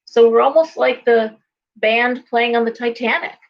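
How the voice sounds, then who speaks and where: A woman's voice: a little high, steady tone, normal speed, gravelly, highs cut off. A woman in her forties talking casually, a chatty storyteller who acts out the voices she quotes. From California. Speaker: psychic shop owner and host. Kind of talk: casual talk to camera.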